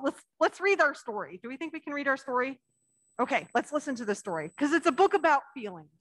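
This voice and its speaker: A woman pastor giving a children's message in church, chatting playfully with the kids and reading a picture book slowly with lively emphasis. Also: high voice, no echo. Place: church sanctuary.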